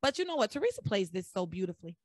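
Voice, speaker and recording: A woman hosting a podcast, recapping episodes in a blunt, animated way with some swearing. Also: medium pitch, very fast, dry recording, clean studio sound. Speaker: podcast host. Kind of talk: casual recap chat.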